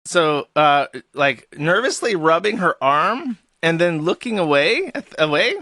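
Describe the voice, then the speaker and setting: A man's voice: fairly high pitch, expressive, unhurried, pushed and bright. A man hosting a live stream, ranting with sarcastic, profane commentary. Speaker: streamer host.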